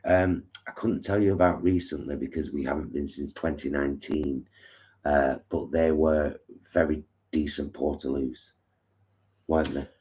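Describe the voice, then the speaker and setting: A man's voice: very deep voice, fairly even intonation, moderate pace, darkish tone. A man co-hosting a live stream from his living room, chatting frankly and reading out viewer comments with plenty of fillers. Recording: dull lo-fi live stream audio.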